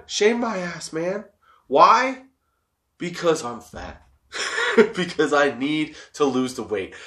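A man's voice: mid-range voice, fairly bright tone. A young man hosting a podcast, talking casually and rambling, swearing a lot and laughing often. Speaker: podcast host. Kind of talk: casual stoner monologue.

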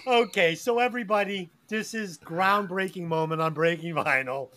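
Male podcast host, high and animated, crude humor, dry close sound. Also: moderate pace, no room sound. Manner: profane, joking, animated storytelling. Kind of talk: casual podcast chat.

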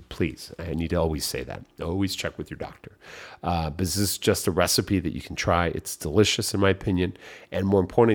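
A man hosting a podcast, giving an upbeat motivational coaching talk and repeating his key phrases. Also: low-pitched. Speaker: podcast host.

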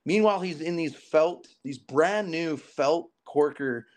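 Podcast guest, man in his 30s, from Alberta; lively raconteur who voices the people in his story, voice sits fairly high. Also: measured pace. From southern Alberta, Canada. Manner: animated, acts out quoted dialogue. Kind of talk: casual storytelling.

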